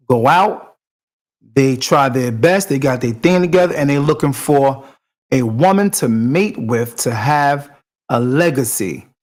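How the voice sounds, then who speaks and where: A man hosts a podcast and comments on a clip in a slow, measured delivery. His voice sits a little high. He lectures emphatically and hammers each point again and again. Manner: preachy, repetitive, emphatic. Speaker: podcast host.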